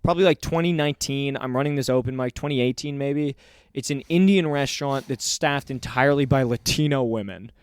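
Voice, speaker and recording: A man's voice: medium pitch, brisk, smooth, dry recording. A man in his twenties co-hosting a podcast, telling a story in casual chat and acting out the quotes. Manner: animated storyteller, acts out quotes in loud voices. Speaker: podcast co-host.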